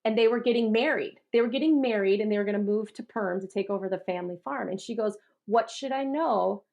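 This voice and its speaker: A woman from rural Minnesota, a guest in a conversation, telling stories lively and acting out the voices of the people she quotes. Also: mid-range voice, fast. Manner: animated storyteller who acts out quoted voices and laughs often. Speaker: guest, artist and rural advocate. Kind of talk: casual conversation.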